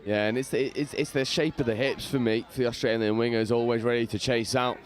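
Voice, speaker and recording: A male commentator calls the action from a balcony above an outdoor pitch. His voice sits at a middle pitch, and his lively play-by-play is sprinkled with casual slang. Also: a little fast. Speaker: match commentator. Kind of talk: live sports commentary. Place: on a balcony above the sideline at an outdoor sports ground.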